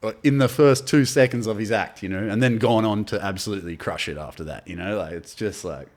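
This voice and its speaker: An Australian man in casual podcast chat, telling animated anecdotes and swearing freely. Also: fairly low pitch, a little fast. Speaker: podcast guest, artist.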